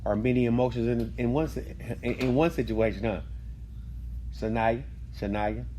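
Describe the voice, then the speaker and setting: A man teaching an evening Bible study group, animated and repetitive, calling on people by name and prompting answers. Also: medium pitch, normal speed, slight background noise. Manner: animated, repeats phrases, calls on students.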